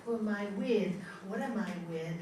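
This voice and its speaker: A woman yoga teacher giving a spiritual talk to a class, telling stories in an animated way and laughing often. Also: mid-range voice, moderate pace, slight background noise. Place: large hall. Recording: echoey hall from far off.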